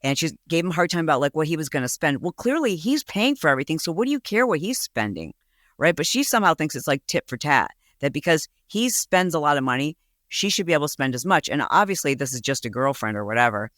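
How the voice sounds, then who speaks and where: Chatty woman podcaster, lively up-and-down voice, dry close mic, dishing gossip. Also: low-pitched, fast talker, no room sound. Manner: animated, gossipy, acts out voices in quotes. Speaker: podcast host. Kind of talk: casual storytelling chat.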